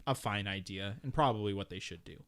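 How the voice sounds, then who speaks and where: A man's voice: lowish voice, a bit bright. Opinionated man co-hosting a podcast. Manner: opinionated, argues his point with quick asides. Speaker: podcast co-host. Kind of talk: casual podcast chat.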